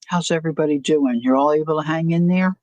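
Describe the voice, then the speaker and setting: A woman's voice: low voice, quick pace, a little mellow, dry recording, rough recording. A woman hosting a crafting livestream, chatting casually, thinking aloud and answering viewer comments as she works. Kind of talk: casual chat while crafting.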